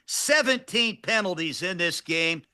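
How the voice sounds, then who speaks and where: A man's voice: sits high, animated, unhurried, bright, forceful tone, clear, resonant tone. A man co-hosting a football show, giving emphatic, clipped coach-style analysis.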